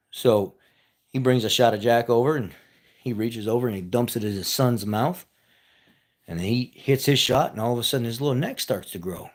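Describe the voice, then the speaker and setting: Casual storyteller, male, mid-pitched, rambling and self-deprecating, chuckles at his own jokes. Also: moderate pace. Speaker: vlogger.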